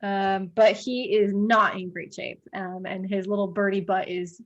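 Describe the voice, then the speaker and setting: A woman's voice: mid-range voice, fairly even intonation, a little slow, muffled recording. A woman running a tabletop game as dungeon master, narrating the action in a playful way with frequent fillers and laughs.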